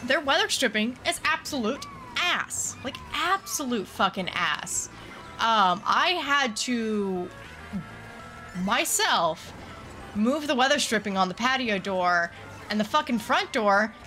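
Profane, bright-voiced woman streamer ranting. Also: a little high, big pitch swings, slow, faint music behind. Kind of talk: casual live-stream chat while gaming.

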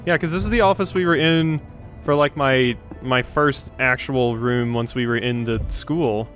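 A man's voice: mid-range voice, moderate pace, fairly bright tone, faint music behind. A man hosting a let's play, thinking aloud through a puzzle and poking fun at himself. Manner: self-deprecating, thinks aloud. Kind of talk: gaming commentary.

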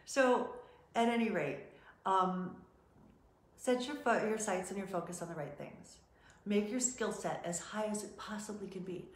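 Middle-aged woman agent teaching about runway, chatty, lowish voice, echoey room. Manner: chatty, animated, acts out quotes from clients. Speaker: modeling and talent agent. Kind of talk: casual teaching talk.

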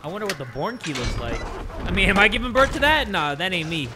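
A man commenting on a horror game he plays, joking, swearing and yelling in panic at the scares. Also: high-pitched, fast, noisy background. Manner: excitable, screams and yells at jumpscares; jokey, swears a lot. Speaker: gaming YouTuber.

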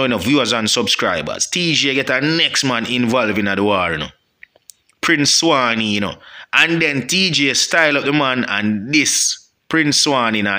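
A man's voice: mid-range voice, bright, forceful tone. A man with a Jamaican accent giving rambling casual commentary to his viewers, often checking in with them. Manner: rambling, keeps asking "you see me". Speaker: music commentary vlogger.

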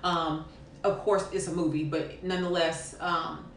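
A woman's voice: on the low side, level tone, a little slow, a little hiss or hum. A woman nurse explaining patient care in a frank, conversational way, with frequent ums and restarts. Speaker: postpartum nurse educator. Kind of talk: casual spoken teaching to camera. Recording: echoey room.

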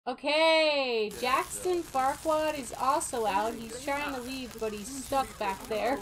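A young woman casually commenting on a life-sim game she plays, chatty and quick to laugh. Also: sits high, lively intonation, a little hiss or hum, poor audio. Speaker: gaming video host.

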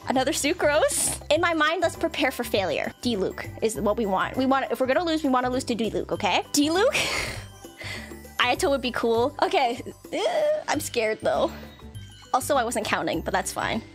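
A woman's voice: high voice, very animated, moderate pace, soft background music. A woman streamer giving casual reaction commentary while playing, dramatic and self-pitying, laughing at her own bad luck. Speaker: gaming streamer.

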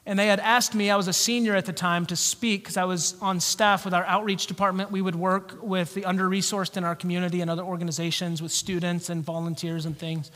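A male pastor preaching a sermon with animated storytelling. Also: high voice, a little fast, few pauses. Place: church sanctuary. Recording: long church hall reverb.

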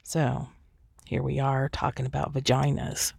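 A woman's voice: very deep voice, level tone, a little slow, vocal fry, darkish tone, slightly rough, dry recording, clean studio sound. A woman hosting a podcast, talking alone in a frank, chatty way and laughing easily. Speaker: podcast host. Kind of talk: candid solo podcast monologue.

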